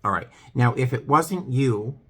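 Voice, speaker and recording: A middle-aged man talking to his viewers in a vlog, earnest and hesitant, with many pauses and restarts. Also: mid-range voice, expressive, bright, forceful tone, slightly rough. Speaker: vlogger. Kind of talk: talking to camera, heartfelt chat.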